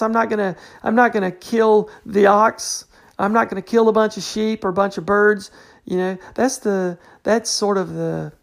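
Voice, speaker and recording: Woman, Bible teacher, relaxed unscripted delivery, some fry in the voice. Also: mid-range voice. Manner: conversational, fills with "you know", restarts often. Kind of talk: informal Bible study talk.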